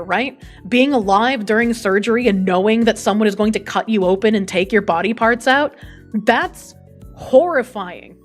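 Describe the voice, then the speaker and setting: Blunt, profane woman streamer. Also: fairly high pitch. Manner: blunt, swears freely, reacts to chat. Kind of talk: casual stream chat, reading an article aloud. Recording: faint music behind.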